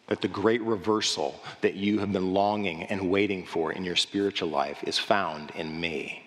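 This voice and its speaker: A man preaching a lively sermon in a church, asking the congregation questions and acting out the voices of the crowd. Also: low-pitched, normal speed, few pauses. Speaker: pastor. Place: church sanctuary. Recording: long hall reverb.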